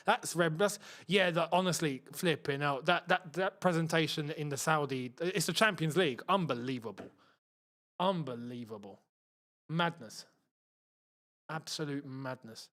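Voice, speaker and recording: A young man with a London accent hosting a live football watchalong, chatting excitably and muttering to himself as he fiddles with the screen. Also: fairly high pitch, a little slow. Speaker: football channel host.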